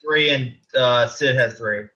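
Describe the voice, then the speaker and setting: A man playing a tabletop game, excitable and quick to swear. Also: medium pitch. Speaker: player. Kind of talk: casual tabletop play. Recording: dull lo-fi mic.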